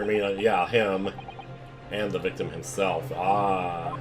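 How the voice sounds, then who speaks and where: Low-voiced joking young game commentator. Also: male voice, flat delivery, measured pace, soft background music. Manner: joking, offhand asides. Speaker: let's play commentator.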